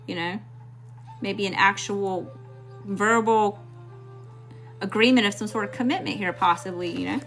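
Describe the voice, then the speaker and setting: A woman from Mississippi with a Southern accent gives her viewers a casual tarot reading, sassy, blunt, and profane. Her mid-range voice has a slightly bright quality.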